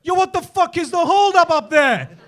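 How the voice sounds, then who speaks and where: An impatient New Yorker stuck in a deli queue, played by a man on stage yells and swears at whoever holds up the line. The voice is very high and blasts out in aggressive shouts. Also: animated, normal speed.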